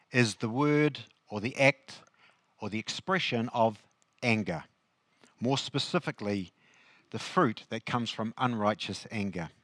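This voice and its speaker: A man's voice: medium pitch, a bit bright, dry recording. A male pastor, preaching a sermon in a conversational way and asking the congregation questions.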